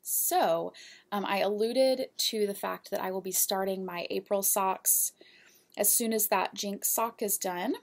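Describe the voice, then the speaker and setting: A woman's voice: mid-range voice, measured pace. A woman hosting a knitting podcast, talking through her projects in a chatty, rambling way and laughing easily. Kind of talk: casual show-and-tell chat.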